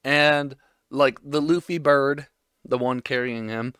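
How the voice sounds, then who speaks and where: A man's voice: mid-range voice, fairly even intonation, slow, fairly bright tone, clear, resonant tone, no echo, studio quality. A man in his twenties giving a casual episode recap, rambling with irreverent, crude jokes. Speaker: vlogger.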